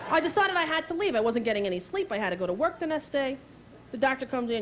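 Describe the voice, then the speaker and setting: A woman's voice: fairly high pitch, sing-song, brisk, low-quality recording. A woman doing a brash stand-up comedy routine on stage, telling stories and slipping into character voices. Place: comedy stage with live audience. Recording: live crowd and noise.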